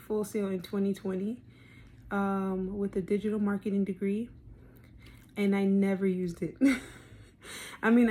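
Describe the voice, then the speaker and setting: A woman's voice: medium pitch, dark tone. A woman in her thirties, heavily pregnant and out of breath, talking candidly into a phone camera for a video diary, rambling with many ums. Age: 30s. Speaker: vlogger. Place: parked car, then at home.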